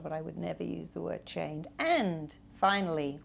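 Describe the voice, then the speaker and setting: A woman's voice: fairly low pitch, steady tone, moderate pace, vocal fry, hardly any pauses. A middle-aged woman, a self-help speaker, answering viewer questions with emphatic advice and acting out quoted speech.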